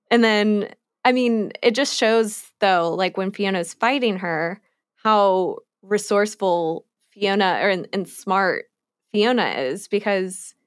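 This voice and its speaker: A woman's voice: mid-range voice, no room sound, studio quality. A woman chatting casually about a cartoon episode as a podcast co-host, with lots of fillers and laughs. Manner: chatty, many likes, frequent laughs.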